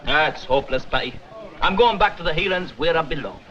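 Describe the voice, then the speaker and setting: A man's voice: fairly high pitch, expressive, a little fast, close to an everyday voice. Male actor, young Scottish student, broad Scottish accent, lo-fi hissy 60s TV track. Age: young adult. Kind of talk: 1960s sitcom acting. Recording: dull old TV soundtrack with hiss.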